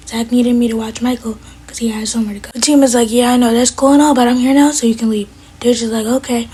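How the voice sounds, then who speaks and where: Quick breathy woman recapping a show. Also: fairly high pitch, mellow. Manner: quick, breathy retelling with quoted dialogue. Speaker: TV episode reviewer. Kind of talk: casual recap.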